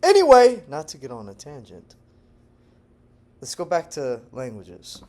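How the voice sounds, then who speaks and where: Animated man with a lively, swinging voice. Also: measured pace. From Texas, United States. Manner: animated and digressive, swings between loud bursts and low murmurs, laughs often. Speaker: language-learning vlogger. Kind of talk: casual talking-head monologue.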